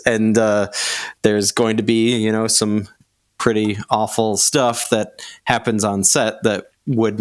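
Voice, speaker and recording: A man hosting a podcast, telling an anecdote in relaxed, casual chat. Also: on the low side, no room sound, studio quality. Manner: relaxed storyteller, laughs often. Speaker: podcast host. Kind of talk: casual film discussion.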